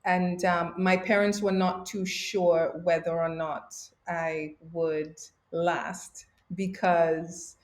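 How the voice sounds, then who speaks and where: Canadian-born woman telling lively stories. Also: on the low side, slow pace. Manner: lively anecdotes with bursts of laughter. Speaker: guest arbitrator. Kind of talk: interview storytelling. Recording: roomy echo.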